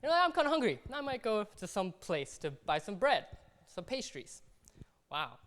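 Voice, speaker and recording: Long hall reverb fills this church recording of a pastor whose high-sitting voice is very animated and fairly bright at a moderate pace. He preaches in a conversational way, acting out everyday scenes.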